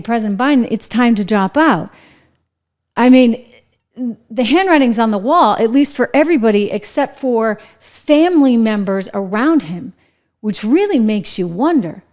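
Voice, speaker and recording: A woman's voice: medium pitch, darkish tone. A woman hosting a political commentary show, talking to camera with sarcastic, indignant rhetorical questions.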